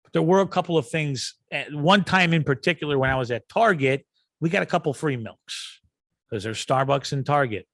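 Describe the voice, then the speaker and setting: A man's voice: fairly high pitch, moderate pace, no room sound. A man hosting a podcast, rambling through a comic rant. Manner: ranting, rambling, acts out yelling. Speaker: podcast host. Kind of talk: comedic rant.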